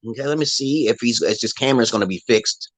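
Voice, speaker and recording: A man's voice: medium pitch, fast talker, dry recording. A middle-aged man hosting a live stream from his phone, rambling in a profane, opinionated monologue. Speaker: livestream host.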